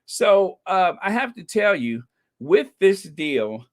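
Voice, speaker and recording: This is a man hosting a relaxed live podcast, his voice sitting on the higher side for a man. He takes his time, drawing out his words at an unhurried pace. He reads viewer comments aloud and thanks people by name, slipping in wry asides and easy laughs. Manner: chatty, greets and thanks viewers from live chat. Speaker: podcast host. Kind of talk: casual commentary on live stream.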